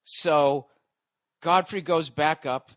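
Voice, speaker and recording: A man in his forties hosts a podcast and spins a long comedy-club yarn in a slightly raised voice. He is profane and excitable, and he trips over his own words and restarts often. The sound is dry and close, with no room around it. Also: a little high, slow, dry recording. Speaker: podcast host and stand-up comedian. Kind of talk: casual storytelling monologue.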